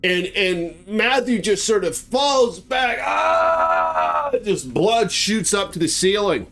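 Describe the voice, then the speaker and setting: A man's voice: high-pitched, lively intonation, takes it slowly, fairly bright tone. A man telling a gruesome story in a casual spoken way, acting out sound effects and swearing freely. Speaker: storyteller host.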